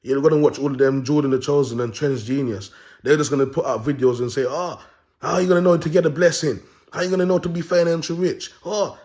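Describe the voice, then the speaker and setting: A man's voice: fairly low pitch, darkish tone. A young man delivering an unscripted monologue as a self-styled prophet, talking raw and bold in street slang with rambling repeats.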